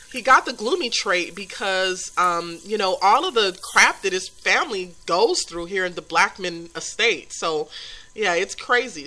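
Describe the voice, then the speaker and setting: Woman game host, casual gossipy commentary, fillers and giggles, bright tense timbre, mid pitch. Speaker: let's play host narrating a life-sim story.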